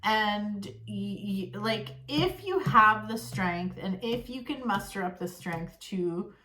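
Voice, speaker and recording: Woman tarot reader, casual and blunt, exasperated tone, cursing, middle pitch, roomy echo. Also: lively intonation, slow, bright, forceful tone, slight background noise. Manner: blunt, exasperated, swears freely. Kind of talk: casual tarot reading to camera.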